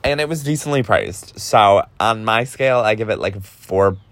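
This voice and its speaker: A man's voice: on the low side, moderate pace, fairly bright tone, no echo. A young man casually telling a story, chatty and profane, with lots of filler words. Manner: chatty, heavy use of "like", profane. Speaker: podcast host.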